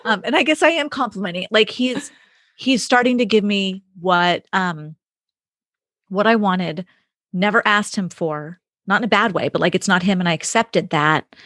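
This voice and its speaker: A woman's voice: mid-range voice, moderate pace, dry recording, studio quality. Chatty laughing woman co-host. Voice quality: laughs often, animated storytelling. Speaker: podcast co-host. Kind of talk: casual chat.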